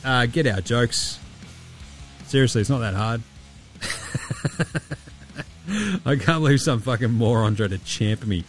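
A man's voice: mid-range voice, animated, slow pace, long pauses, faint music behind. A young Australian man hosting a casual sports podcast, laid-back and sweary, his voice tired and giving out. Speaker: podcast host.

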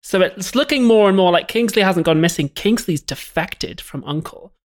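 Lively speaker recapping a film plot. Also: medium pitch, moderate pace. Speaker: podcast co-host. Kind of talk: casual chat.

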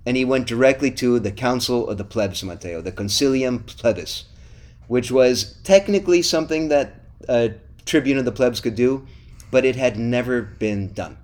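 A man hosting a history podcast, telling the story in a lively, playful way and teasing his co-host. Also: medium pitch, normal speed. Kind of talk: casual history podcast chat.

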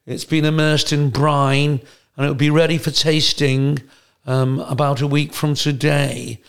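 A man voicing a formal cheese shop manager who speaks in measured, polite salesman patter. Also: on the high side, little pitch movement, vocal fry, clear, resonant tone.

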